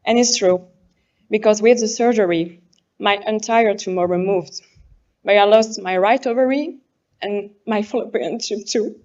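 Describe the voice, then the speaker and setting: A woman's voice: mid-range voice, a little mellow. Young woman, French accent, native French speaker, pageant stage speech, earnest, self-correcting, dull lo-fi sound. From France. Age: 20s. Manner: apologetic and earnest, halting English with self-corrections. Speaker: pageant contestant.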